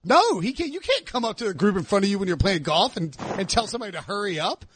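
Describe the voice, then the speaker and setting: A man hosting a podcast, telling a story in casual chat and acting out the shouted lines. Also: sits high, quick pace, a little hiss or hum. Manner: animated storyteller, acts out shouted quotes. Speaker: podcast host.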